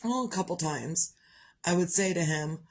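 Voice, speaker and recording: A woman's voice: fairly low pitch, normal speed, slight background noise, low-quality recording. A middle-aged woman talking through grief in a rambling, heartfelt personal vlog about her crochet projects. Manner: rambling, heartfelt, grieving mother. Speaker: vlogger, crocheter.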